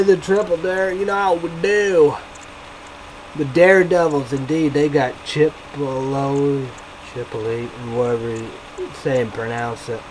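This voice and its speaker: A young man vlogging a casual review, rambling, swearing and shouting hype catchphrases. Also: fairly high pitch, a little hiss or hum, poor audio.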